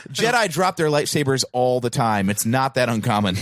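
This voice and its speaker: A man's voice: mid-range voice, very animated, moderate pace, no echo, studio quality. A man co-hosting a casual fan podcast, playfully arguing his points. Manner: argumentative, playfully defends points. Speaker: podcast co-host. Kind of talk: casual chat.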